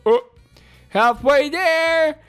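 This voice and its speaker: A woman voicing Baby Sonic, a boastful, excitable baby hedgehog, during playful game role-play. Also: sits high, extremely slow, faint music behind, heavily acted. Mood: excited. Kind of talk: Roblox gameplay role-play.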